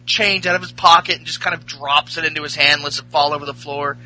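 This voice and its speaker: A man's voice: fairly high pitch, steady tone, fast talker, sharp tone, slight background noise, low-quality recording. A man hosting a podcast, recapping a show in a rambling, profane, casual way. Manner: rambling, profane, laughing storyteller. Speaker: podcast host.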